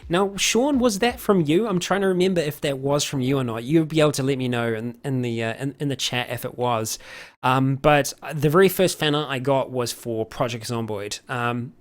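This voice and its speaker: A man with a medium-pitched voice chats casually on a live stream at normal speed, answering viewer questions. He rambles, filling his speech with fillers and restarts and chuckling often.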